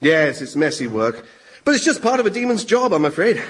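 Brief: a fawning, giggly demon lackey, high and bouncy, for radio comedy. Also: male voice, sing-song, brisk. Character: bumbling shape-shifting male demon servant.

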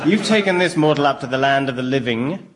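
A prissy, stern angel. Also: male voice, medium pitch, noisy background. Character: prim, stern male angel. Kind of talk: radio comedy acting.

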